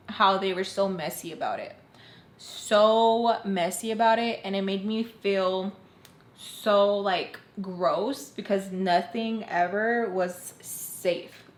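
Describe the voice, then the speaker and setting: A young woman tells a personal story to her viewers in a loose, chatty way. She fills her sentences with "like" and often speaks to the audience as "you guys." Her mid-range voice carries a clear room echo. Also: mid-range voice, a bit bright. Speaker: storytime vlogger. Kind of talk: casual storytime narration. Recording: roomy echo.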